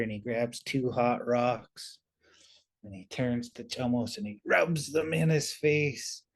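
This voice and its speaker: A man telling a traditional story in a relaxed, conversational way over a video call, using many fillers like "kinda". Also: mid-range voice. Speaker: storyteller and webinar presenter. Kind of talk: casual oral storytelling.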